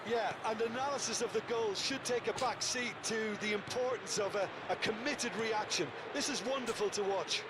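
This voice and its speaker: A man voicing a measured football pundit. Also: high voice, lightly acted. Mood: analytical. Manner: measured, analytical. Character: calm analytical male football pundit. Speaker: football video game color commentator. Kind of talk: scripted sports commentary. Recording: game audio under stream noise.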